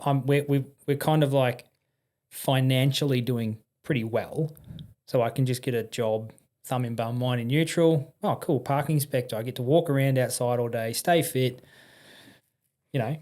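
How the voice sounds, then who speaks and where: An Australian man, a podcast guest, telling blunt, lively anecdotes in casual conversation with frequent restarts and slang. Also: mid-range voice, moderate pace.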